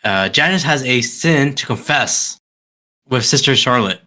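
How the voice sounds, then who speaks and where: A man's voice: mid-range voice, animated, a little slow, pushed and bright. A man co-hosting a podcast, recapping a movie plot in loose, hesitant casual chat full of fillers. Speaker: podcast co-host.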